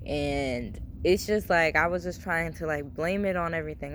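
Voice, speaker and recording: A woman's voice: deep voice, moderate pace, hardly any pauses, a bit bright, a little hiss or hum. Rambling, cursing young woman vlogger. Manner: rambling, swears freely, many fillers; open and confiding. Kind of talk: casual personal vlog talk.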